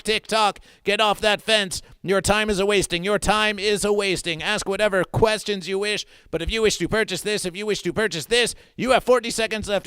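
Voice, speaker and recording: A man doing absurdist livestream comedy, auctioning merchandise in a theatrical, repetitive patter that swings into mock-mournful lows. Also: a bit bright, clear, resonant tone, dry recording.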